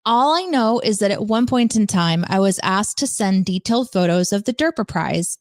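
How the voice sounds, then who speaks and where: A woman's voice: fairly low pitch, animated, normal speed, hardly any pauses, darkish tone, no echo, clean studio sound. A woman co-hosting a casual podcast chat, telling stories and laughing often. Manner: chatty, laughs often, storytelling. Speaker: podcast co-host.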